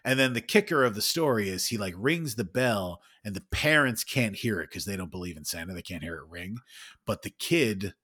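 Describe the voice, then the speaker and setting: A man in his thirties co-hosting a podcast, telling an animated, swearing story with lots of laughs. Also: fairly low pitch, a little fast, breathy edge. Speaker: podcast co-host. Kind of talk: casual chat.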